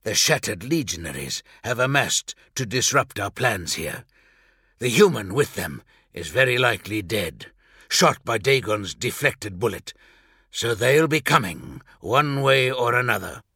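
A man voicing a weary, blunt male warrior huntsman, speaking in a measured, grim way. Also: on the low side, sing-song, bright, forceful tone, husky, no room sound, studio quality, exaggerated voice.

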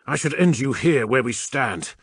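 A man doing a gruff, proud warrior captain. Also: mid-range voice, animated, moderate pace, dry recording, studio quality, pitched above the performer's own voice. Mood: bitter, angry. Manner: gruff, clipped, flaring into shouts. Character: embittered male warrior captain, proud and angry. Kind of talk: audiobook character reading.

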